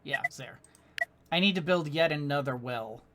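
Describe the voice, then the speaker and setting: A woman's voice: low-pitched, moderate pace, heavy background noise. A woman hosting a let's play, commenting on her game with dramatic groans, cries of dismay and frequent laughter. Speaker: gaming channel host.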